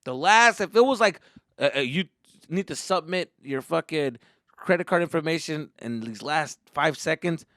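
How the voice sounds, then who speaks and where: Comedian podcast host, profane storyteller, dry close sound. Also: male voice, on the high side, normal speed, dry recording. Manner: profane, animated, rambling.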